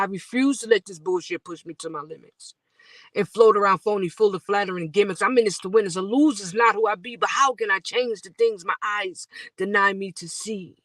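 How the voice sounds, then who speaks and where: Guest poet, woman; rhythmic spoken word with a sung refrain, bright tone, dry sound. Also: medium pitch, no echo. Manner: rhythmic delivery, soaring sung hook, quick rapped verses.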